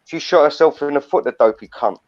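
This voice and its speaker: An older man with a brisk, fairly high voice rants angrily on a live stream, swearing heavily. The stream audio is muffled and lo-fi.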